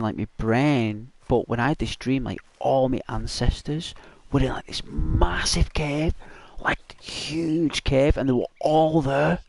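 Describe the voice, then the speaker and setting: Male, mid-range voice, meandering gentle consoling chat. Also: mid-range voice, no room sound. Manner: gentle, rambling, halting with many fillers.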